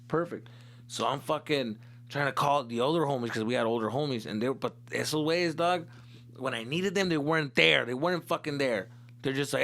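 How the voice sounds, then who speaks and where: A male comedian hosting a podcast, telling a story in an animated, profane way and mixing in Spanish slang. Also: medium pitch, brisk.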